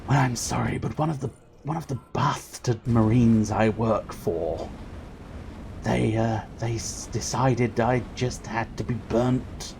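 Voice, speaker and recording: A man's voice: mid-range voice, vocal fry, darkish tone, a little hiss or hum. A man voicing a put-upon servant who complains, rambling and whiny, about his singed dress.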